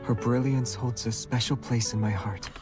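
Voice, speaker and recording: An actor playing a gentle, devoted young man in a romance game, speaking softly. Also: medium pitch, steady tone, normal speed, close to an everyday voice. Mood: tender. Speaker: game character. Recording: game audio over music.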